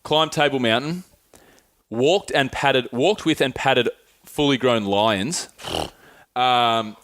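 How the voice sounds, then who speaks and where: A man hosting a podcast, chatting casually about travel with energetic, rambling lists and free swearing. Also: medium pitch, slow. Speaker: podcast host.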